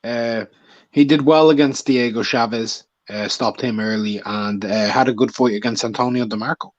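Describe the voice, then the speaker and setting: A man co-hosting a boxing chat, giving measured fight analysis and teasing his partner. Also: mid-range voice, fairly even intonation, no echo, dull audio.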